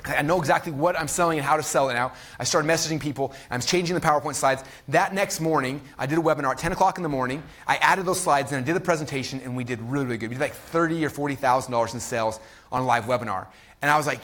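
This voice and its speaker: A man's voice: mid-range voice, rapid-fire, a bit bright. A man in his thirties giving a live marketing masterclass, telling a story at speed with energy and acting out quotes. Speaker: online marketing teacher.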